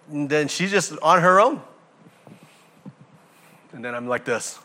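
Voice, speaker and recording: A male pastor delivering a sermon in a lively, animated way. His voice is bright and forceful and sits a little above the usual male pitch. He asks the room questions and acts out little scenes as he goes. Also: a little slow, pauses often.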